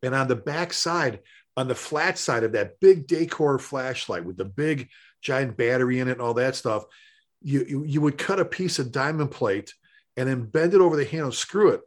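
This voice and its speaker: Middle-aged male firefighter, mid-pitched voice, lively rambling storyteller, casual podcast talk. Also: normal speed. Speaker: firefighter and paramedic. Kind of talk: conversational storytelling.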